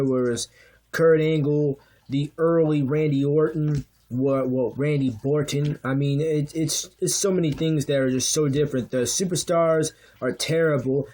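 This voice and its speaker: A man's voice: fairly high pitch, a little mellow. A young man giving a heated, profane, unscripted rant, often restarting his sentences. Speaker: vlogger.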